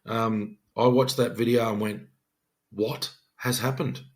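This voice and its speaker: A man's voice: lowish voice, fairly even intonation, unhurried. Earnest Australian man telling a story. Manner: earnest, emphatic, acts out his own quoted speech. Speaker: police detective sergeant. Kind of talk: podcast storytelling.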